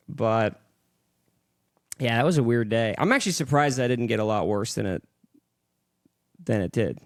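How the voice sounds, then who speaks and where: A young man hosting a podcast, telling stories in casual, profane, animated chat. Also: mid-range voice, moderate pace, long pauses, no echo, clean studio sound. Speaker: podcast host.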